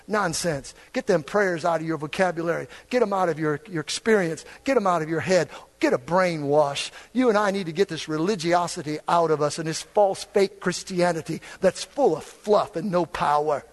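Older man, preacher, high voice, fiery sermon, quiet lows and shouted peaks. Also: moderate pace, few pauses. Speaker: pastor.

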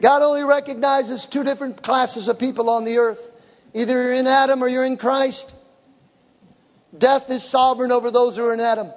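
A middle-aged man preaching a sermon, animated and shouting to his congregation. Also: very high voice, moderate pace. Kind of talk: sermon with personal story. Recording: large hall with long reverb.

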